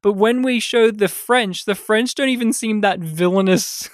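A man co-hosting a podcast, casually reviewing a film with animated, sweary retellings of scenes. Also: high-pitched, normal speed, no echo, clean studio sound. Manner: animated, sweary, acts out scenes in quoted voices. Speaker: podcast co-host.

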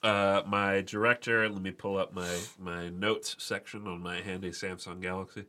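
Wry opinionated podcast co-host, man, lowish voice, bright tone. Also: little pitch movement, normal speed. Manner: wry, opinionated, hesitant with fillers. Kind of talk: casual chat.

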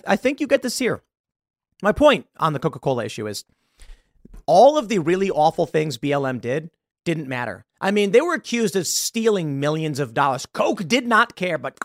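A man's voice: sits high, a bit bright, no echo, clean studio sound. A man hosting a podcast, delivering an exasperated opinion rant with frequent laughs and repeated words. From United States. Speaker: podcast host.

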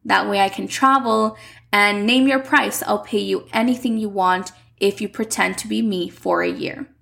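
A scheming rich young woman with a pushy, offhand way of talking, as a woman recapping a telenovela puts her on. The voice sits at middle pitch with heavy vocal fry. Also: steady tone, moderate pace, a bit bright. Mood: persuasive.

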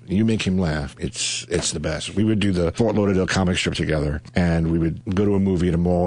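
An older man with a very low, deep voice, hosting a comedy radio hour close on a studio mic. He rambles through stories loosely, laughing as he goes. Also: breathy edge. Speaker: comedy radio show host. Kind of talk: casual comic storytelling on radio. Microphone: studio microphone.

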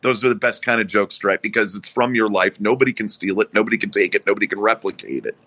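A man's voice: fairly low pitch, quick pace, sharp tone, no echo. A young man, a comedian guest, talking casually in a rambling, profane, self-mocking way. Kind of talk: casual interview chat.

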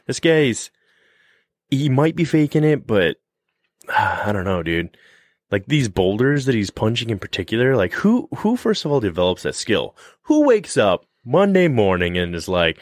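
A man co-hosting a casual podcast chat, rambling and joking in an animated way. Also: lowish voice, moderate pace, no room sound, studio quality. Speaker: podcast co-host.

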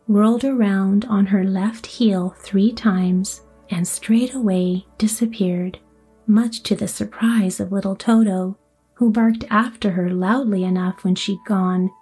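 A woman narrating a children's storybook in a soft voice that often drops to a whisper. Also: mid-range voice, breathy edge. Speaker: audiobook narrator.

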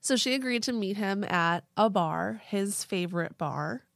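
A woman talks through a story at an easy, chatty pace, her voice carrying a steady gravelly edge. She sounds close to the mic in a dry, dead room. She swears casually and keeps the telling lively. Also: medium pitch, unhurried, no room sound. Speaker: podcast co-host telling a true story.

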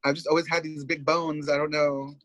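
A man with a slightly high, fairly level voice speaks briskly and a bit brightly. He's a drag performer appearing as the podcast's guest, candidly telling his story in casual, swear-filled talk and acting out what others said.

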